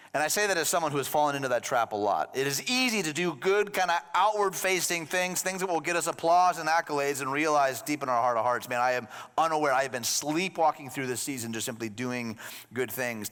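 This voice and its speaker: A man's voice: on the high side, a bit bright, long reverb tail. A man preaching a sermon as a pastor, conversational with joking asides.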